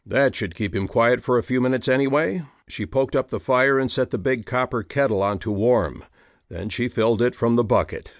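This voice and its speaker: A man narrating a western romance audiobook with expressive storytelling. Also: medium pitch, normal speed, dry recording, studio quality. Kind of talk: scripted narration. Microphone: close studio mic.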